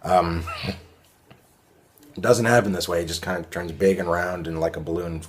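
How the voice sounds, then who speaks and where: A man's voice: low-pitched, fairly even intonation, a little slow. A man reviewing cartoons in a casual, rambling way, full of fillers and sarcastic asides.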